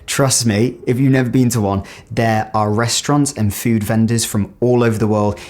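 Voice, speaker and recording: Young British man, low-pitched, chatty vlog talk, lively delivery, casual filler words. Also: normal speed. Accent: British English. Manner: chatty, animated, lots of "like" fillers. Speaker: vlogger.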